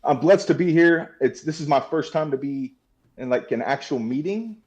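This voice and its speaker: A man's voice: a little high, animated, moderate pace, darkish tone, highs cut off. A man sharing his recovery story in a video-call meeting, candid and emotional, swearing freely. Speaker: meeting participant. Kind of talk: personal recovery share.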